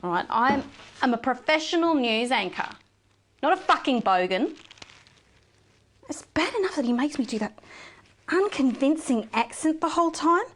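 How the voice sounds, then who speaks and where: An actress voicing a blunt, exasperated news anchor with an Australian accent, complaining and swearing. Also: female voice, high-pitched, expressive, moderate pace, pauses often. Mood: fed up. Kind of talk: video game voice acting.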